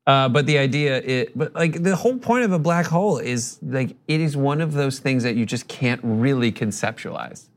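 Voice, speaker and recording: A man co-hosting a casual panel podcast, telling animated stories and acting out quotes in voices. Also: medium pitch, normal speed, few pauses. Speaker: podcast co-host.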